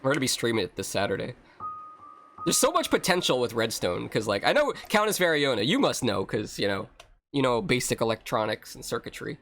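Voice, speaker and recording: A man streaming a horror game live, rambling and reacting loudly, chatting with viewers as he plays. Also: mid-range voice, brisk, creaky. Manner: animated, rambling, reading chat, exclamatory. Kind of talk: casual live-stream commentary.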